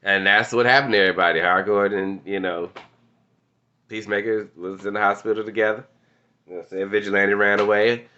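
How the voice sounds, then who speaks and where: A man's voice: on the low side, brisk, muffled recording. Laughing, slangy man recapping an episode. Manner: excitable, laughs often, slangy and animated. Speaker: TV show reviewer.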